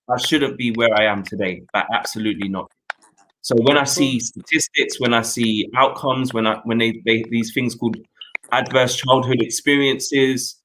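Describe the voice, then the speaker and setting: Young male host, earnest, reflective storyteller, halting delivery, mid-range pitch. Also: fairly bright tone, a little hiss or hum, low-quality recording. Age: young adult. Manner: earnest, reflective, with frequent pauses and restarts. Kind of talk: candid personal storytelling in a talk show.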